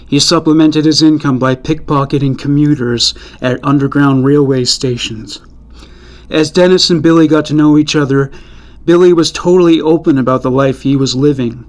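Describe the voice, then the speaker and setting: A man narrating a true-crime story in a measured, even storytelling manner. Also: on the high side.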